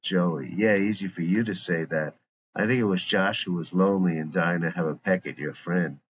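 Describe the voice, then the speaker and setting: A man's voice: deep voice, moderate pace. A man reading the part of a grumbling, suspicious middle-aged father in a family script, with a blunt manner. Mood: gruff. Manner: gruff, blunt. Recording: dull lo-fi recording with faint hiss.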